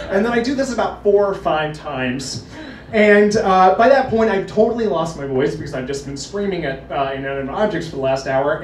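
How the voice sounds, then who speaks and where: Animated young man telling a story. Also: on the high side. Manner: animated, laughing, many restarts and repeated words. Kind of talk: personal storytelling to a live audience. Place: live event venue. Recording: echoey, distant from mic, faint noise.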